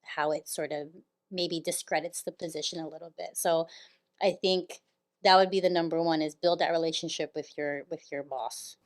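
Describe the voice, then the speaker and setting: A woman's voice: sits low, steady tone, moderate pace. A woman co-hosting a casual talk show, hesitant with many ums and easy laughter. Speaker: command chief, co-host. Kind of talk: casual podcast chat.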